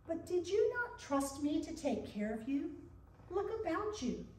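A woman's voice: extremely high pitch, sing-song, measured pace, a little mellow, pitched above the performer's own voice, heavily acted. A woman pastor voicing a kind, wise male creator spirit in a storybook read-aloud. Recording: echoey church from a distance.

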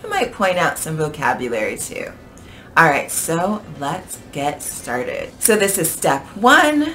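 An American woman teaching an English pronunciation lesson, speaking clearly with expressive, lively intonation. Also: low voice, a little slow.

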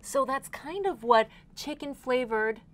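A woman's voice: sits high, unhurried. A young woman co-hosting a casual food-tasting show, upbeat and game to try anything while talking through each bite. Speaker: co-host.

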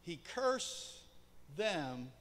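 High-voiced, animated male preacher. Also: very slow. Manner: animated, shouts for emphasis, then drops very quiet. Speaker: pastor. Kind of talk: sermon. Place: church sanctuary. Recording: echoey church hall.

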